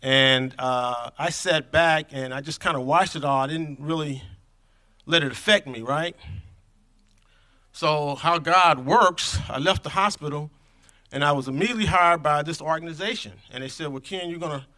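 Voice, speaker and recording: A man's voice: a little high, moderate pace, bright, forceful tone. A middle-aged man speaking at a conference, telling a personal story in an earnest, conversational way that drifts off his script. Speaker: conference speaker on infant health programs.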